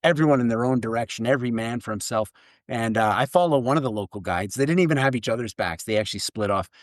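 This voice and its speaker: Canadian guy, animated storyteller, laughs a lot, mid pitch, dry sound. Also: quick pace, no room sound. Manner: lively, laughs through his story. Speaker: guest, keynote speaker.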